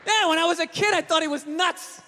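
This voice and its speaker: A man doing a stand-up set, ranting in an animated, profane way at a live comedy venue. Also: very high-pitched, fairly quick, slight background noise. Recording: reverberant hall, faint ambience.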